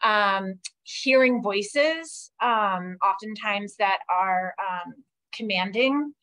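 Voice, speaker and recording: A woman's voice: medium pitch, lively intonation, very slow, fairly bright tone, low-quality recording. An American woman social worker speaking casually on a webinar video call, with lots of "you know" and "um.". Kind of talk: webinar presentation.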